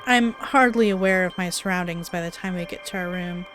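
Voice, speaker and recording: A woman's voice: fairly low pitch, a little fast, fairly bright tone, soft background music. A woman playing a visual novel, reading the story aloud with dramatic narration and dropping into casual asides. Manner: dramatic read-aloud broken by chatty asides and laughs. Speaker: let's play player.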